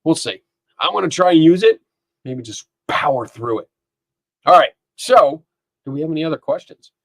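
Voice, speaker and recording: A man's voice: fairly high pitch, lively intonation, normal speed, dry recording. A man hosting a live stream from a home studio, chatting casually and reading comments aloud, often laughing and rambling. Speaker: podcast host. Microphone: dynamic microphone.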